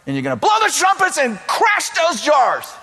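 High-voiced man preaching with comic stories. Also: very animated, moderate pace, vocal fry, sharp tone, big-room sound, slight background noise. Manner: comic storytelling, acting out quoted voices. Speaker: pastor. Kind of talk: sermon.

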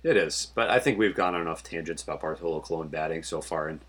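Very deep-voiced man recapping baseball stats. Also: quick pace, a bit bright, slightly rough. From Connecticut. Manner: stat-heavy, dry recaps. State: sleepy. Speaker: podcast co-host. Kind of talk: casual sports chat.

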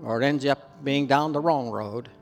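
A man's voice: mid-range voice, normal speed, soft background music. A Canadian man preaching a sermon as pastor, telling a personal story in an earnest way, his voice rising for emphasis. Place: church hall with long reverb. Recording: reverberant hall.

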